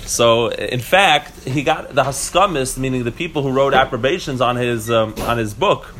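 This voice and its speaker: A man's voice: medium pitch, normal speed, a bit bright, slight background noise. A man giving a casual Torah class to a few listeners, explaining step by step with frequent restarts and rhetorical questions. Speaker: teacher.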